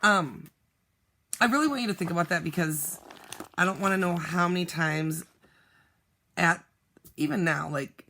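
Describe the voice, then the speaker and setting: A teacher reading a novel aloud to a class, pausing to give reflective prompts with fillers. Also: medium pitch, sharp tone, slight background noise.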